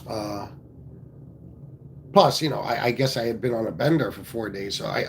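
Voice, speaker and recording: With a little hiss or hum in the audio, a Pennsylvania man hosts a casual livestream in a lowish voice. His talk is blunt and full of swearing, and he reads viewers' comments out loud.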